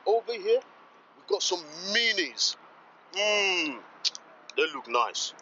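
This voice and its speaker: A man's voice: high-pitched, big pitch swings, slow pace, pushed and bright, muffled recording, slight background noise. A man vlogging as he walks around a rainy outdoor car meet, hyped and exclamatory, repeating himself as he points things out. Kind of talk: excitable walkaround vlog.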